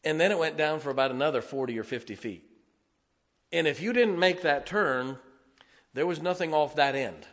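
A man preaching, telling a folksy, animated, self-mocking story from the pulpit. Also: on the high side, moderate pace. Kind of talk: storytelling sermon. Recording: long reverb of a large hall.

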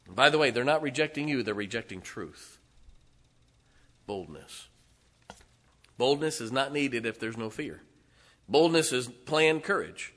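A man's voice: medium pitch, a little slow, pauses often, a bit bright. A middle-aged man preaching a sermon in a church, conversational, with asides and chuckles between points. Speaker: pastor.

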